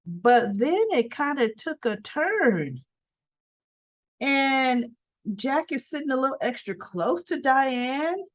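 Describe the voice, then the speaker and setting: A woman's voice: high-pitched, highs cut off. A woman recapping a soap opera in a chatty, folksy way, full of playful exclamations. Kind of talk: casual chat recap.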